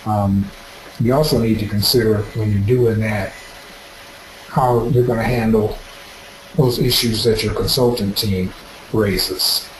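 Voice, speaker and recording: Low-voiced man presenting a webinar. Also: measured pace, long pauses, reverberant, slight background noise, low-quality recording. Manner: steady, explanatory, practical advice. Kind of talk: instructional webinar talk.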